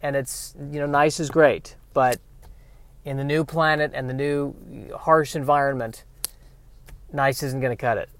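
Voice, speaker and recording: A man's voice: medium pitch, steady tone, a little slow, fairly bright tone, natural voice. A man voicing an alien who keeps apologizing as it turns someone down. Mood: apologetic. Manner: regretful, over-apologetic. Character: apologetic alien speaking for its group.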